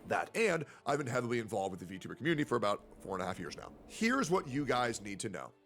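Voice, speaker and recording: A man's voice: medium pitch, very animated, quick pace, a bit bright, a little hiss or hum. A man giving an emphatic, lecturing commentary and repeating his points for stress. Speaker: streamer commentator. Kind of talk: monologue commentary.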